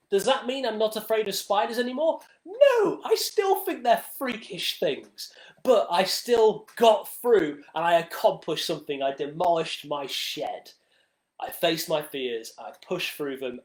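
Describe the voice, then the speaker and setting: Telling his tale with exaggerated drama, a livestream host speaks in a high voice. The casual storytelling monologue is recorded in an echoey room.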